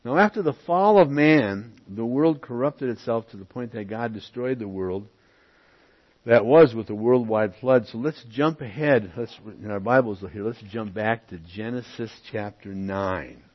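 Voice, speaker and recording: A man teaching scripture, reading passages aloud and breaking off to explain them in plain words. His voice is husky and sits at an ordinary middle pitch. The recording sounds dull and muffled. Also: expressive, unhurried. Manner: reads verses aloud, then comments with asides. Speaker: Bible teacher.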